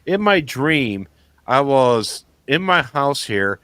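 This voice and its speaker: A man's voice: mid-range voice, very animated, slow, a bit bright, smooth, no echo. A man co-hosting a talk show, telling a story in a rambling way with many restarts. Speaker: co-host. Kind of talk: casual chat.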